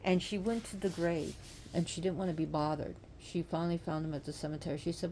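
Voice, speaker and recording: A woman with a somewhat low voice retells an old myth with raw feeling. She repeats words for weight and asks the listener direct questions. A faint background hiss runs underneath. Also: steady tone, fast talker, warm tone. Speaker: storyteller. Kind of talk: emotional oral storytelling of myth.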